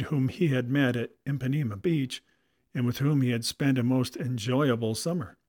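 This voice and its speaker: Steady male audiobook narrator. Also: medium pitch, dry recording, clean studio sound.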